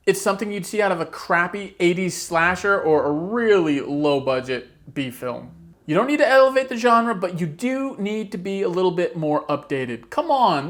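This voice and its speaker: A woman hosting a horror channel, giving a casual opinion rant with exasperated, sarcastic asides. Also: fairly low pitch.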